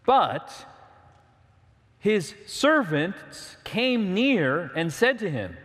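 A man's voice: high-pitched, very animated, very slow, fairly bright tone, big-room sound. A man preaching a sermon, earnest and direct, asking the listeners questions and reading scripture aloud. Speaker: pastor.

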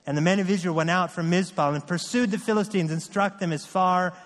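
A man's voice: high-pitched, fast, long reverb tail. A man preaching a sermon as pastor, reading scripture and driving points home with earnest repetition.

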